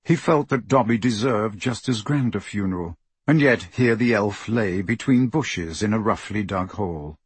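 A man reading an audiobook in a slow, measured narration. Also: lowish voice, slightly rough, dry recording. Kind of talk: scripted narration.

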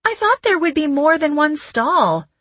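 A woman's voice: high voice, sing-song, a little slow, fairly bright tone, dry recording, voice pushed up, heavily acted. A woman reading as a perky, pushy young woman. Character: bold, meddling young woman.

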